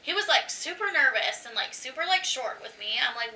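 A high-pitched woman with a piercing, bright voice tells a story in casual chat, animated and quick to swear and laugh. She sounds a little distant from the mic. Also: slight background noise. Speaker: podcast co-host.

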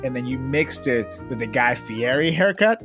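A man's voice: medium pitch, expressive, moderate pace, fairly bright tone, soft background music. A man co-hosting a comedy podcast, chatting casually and rambling with lots of fillers and "you know what I mean". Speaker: podcast co-host.

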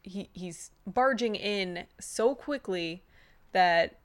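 A woman's voice: medium pitch, slow. Female co-host, eager chatty movie recap, lots of fillers. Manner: eager, chimes in with agreement and fillers. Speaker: podcast co-host. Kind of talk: casual movie recap chat.

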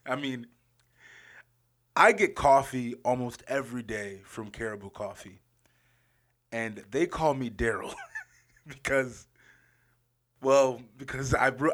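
A man's voice: medium pitch, slow pace, long pauses, a bit bright. A young man hosting his own podcast, telling a story in a casual, rambling way, repeating phrases and laughing often. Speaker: podcast host.

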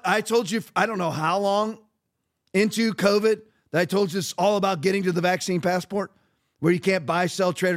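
High-voiced man hosting heated commentary. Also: a bit bright. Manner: heated, emphatic, repetitive. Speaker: podcast host. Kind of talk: opinionated political commentary.

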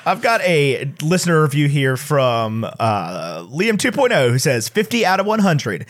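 A man co-hosting a casual comedy movie podcast, rattling off facts and reviews in a quick, rambling way. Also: on the high side, big pitch swings. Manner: quick, rambling, self-interrupting. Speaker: podcast co-host reading reviews.

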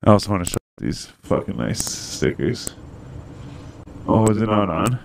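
A man's voice: on the low side, big pitch swings, normal speed, creaky, dry recording. A man telling a story in casual chat, rambling and swearing, acting out what people said. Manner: rambling, profane, acts out quotes.

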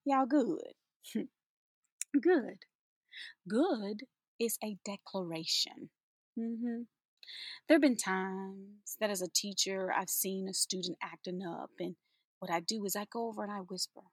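A woman's voice: mid-range voice, unhurried, pauses often, slightly rough, dry recording, clean studio sound. A woman teacher giving an inspirational spoken-word monologue, sassy and playful, laughing often and drawing out her words for emphasis.

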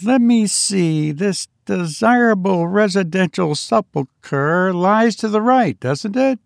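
A man reading a story aloud, voicing a fussy, comfort-loving gentleman who grumbles wryly. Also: high voice, expressive, takes it slowly, creaky, dry recording, studio quality, pitched above the performer's own voice, heavily acted. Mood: grumbling. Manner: grumbling, wry. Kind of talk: audiobook character voice.

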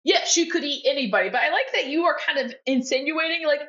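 A woman's voice: high-pitched, fast talker, few pauses, pushed and bright, lo-fi sound. A woman guest co-hosting a casual podcast chat, swearing freely and acting out film lines in put-on voices. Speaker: guest co-host.

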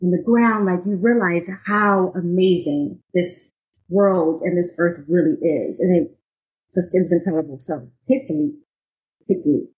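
A woman podcast co-host telling personal stories in a casual way, acting out moments with sudden high bursts and using a lot of "like.". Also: a little slow, a little mellow, rough recording. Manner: frequent filler "like".

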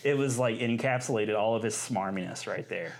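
A man's voice: on the low side, fairly quick, gravelly. Rambling, upbeat male podcast co-host. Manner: enthusiastic, rambling with restarts and many "you know"s. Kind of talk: casual chat.

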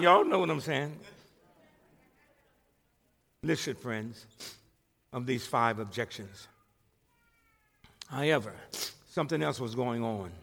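A man's voice: mid-range voice, gravelly, sharp tone, in a large hall. A male pastor preaching a sermon to his church, emphatic and conversational, often stumbling and restarting words. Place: church sanctuary with a congregation.

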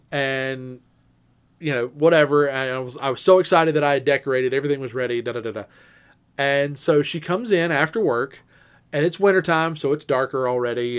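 A man in his thirties, co-hosting a podcast and telling a story in casual chat, lively and animated, with high squeaky voices for the women he quotes. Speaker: podcast co-host.

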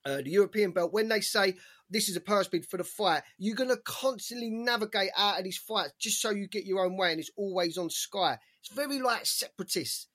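A man's voice: high voice, fairly quick, fairly bright tone. Man ranting, swearing freely. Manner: heated ranting, heavy swearing. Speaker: podcast co-host. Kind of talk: casual sports chat.

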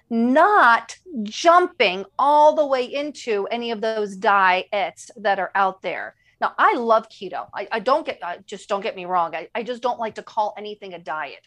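A woman's voice: medium pitch, fairly bright tone. Woman, nutrition coach, podcast interview, enthusiastic, emphatic, repetitive phrasing.

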